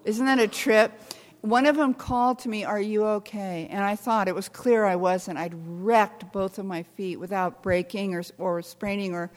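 An older woman speaks to an audience in a wry, self-mocking storytelling manner. Her voice sits at a middling pitch. The sound carries a long reverb from a large hall. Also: steady tone, normal speed. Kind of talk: storytelling talk to a live audience.

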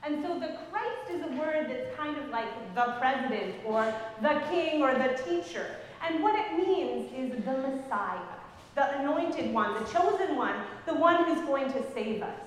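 A woman pastor preaches in a church sanctuary, her voice high and very animated as she explains things and puts questions to the people. The room rings with heavy, long reverb. Faint noise sits under it. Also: a little slow. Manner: gentle explanatory storytelling, asks the congregation questions. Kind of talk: sermon. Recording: echoey church hall from a distance.

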